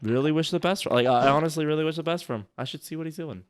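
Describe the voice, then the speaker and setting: A man co-hosting a casual chat, rambling and restarting his sentences, quick to laugh. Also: on the high side, clear, resonant tone. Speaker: co-host reviewing sales outreach.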